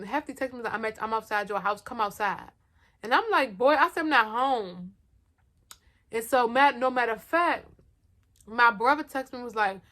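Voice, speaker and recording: A young woman rattles through a personal storytime at a rapid clip, slangy and animated, talking right to her viewers. Her voice sits a little high. She sounds like she's recorded at home on a camera mic. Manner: animated, talks fast, heavy slang, addresses viewers directly. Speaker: vlogger. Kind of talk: casual storytime.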